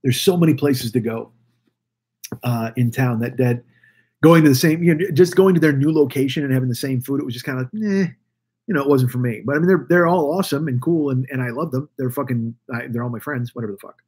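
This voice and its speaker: A man's voice: mid-range voice, fast, darkish tone, slightly rough. A man in his forties rambling through a profane solo podcast rant, full of restarts and asides. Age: 40s. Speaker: podcast host. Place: Los Angeles.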